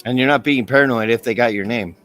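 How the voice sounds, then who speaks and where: A man's voice: medium pitch, fast talker, fairly bright tone, soft background music. A man from Canada hosting a podcast, easygoing and affirming in casual talk, his voice worn. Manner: easygoing, affirming, laughs often. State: voice worn, losing it. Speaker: podcast host.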